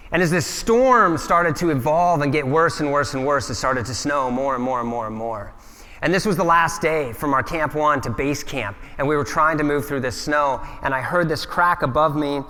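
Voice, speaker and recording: A man's voice: fairly high pitch, sharp tone. Earnest man telling his story in a hall. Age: 30s. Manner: earnest, reflective, with frequent restarts. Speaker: keynote speaker. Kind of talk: storytelling keynote talk. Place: large conference hall. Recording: hall reverb from a large venue.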